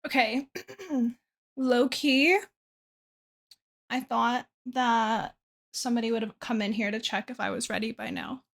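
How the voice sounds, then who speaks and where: A woman's voice: a little high, steady tone, measured pace, long pauses. A young woman streamer chatting casually to her chat from a dim room at her desk, self-deprecating and trailing off with fillers.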